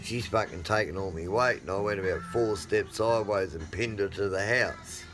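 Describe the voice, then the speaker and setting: Low-voiced, profane middle-aged man spinning yarns. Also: normal speed, over music. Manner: rambling, profane, swings between loud outbursts and mutters. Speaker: vlogger. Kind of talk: casual storytelling.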